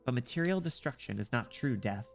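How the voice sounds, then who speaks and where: A man reading out a detached priestess who speaks in a cold, matter-of-fact way. The delivery stays flat and drained of feeling, with faint game music behind. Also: mid-range voice, brisk, gravelly.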